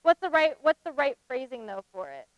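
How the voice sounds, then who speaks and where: A woman facilitating a workshop, running a group acting game with brisk, directive instructions. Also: high-pitched, sing-song, no echo, highs cut off.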